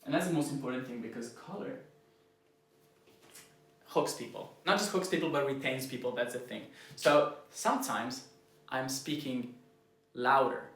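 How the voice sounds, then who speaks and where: A man from Croatia, a native Croatian speaker with a learned American accent, coaching copywriters in a blunt, informal talk, going softer and slower to stress key points. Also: medium pitch, reverberant. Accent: American, learned as a second language. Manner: shifts loudness and speed for emphasis, drops soft and slow on key points. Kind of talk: casual instructional talk to camera.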